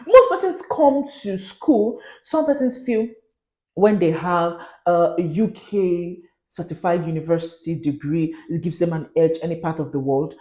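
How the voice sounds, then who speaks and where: A woman's voice: fairly low pitch, dark tone. Earnest woman vlogger, roomy sound. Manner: earnest, warning, switches into pidgin. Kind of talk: advisory vlog to camera.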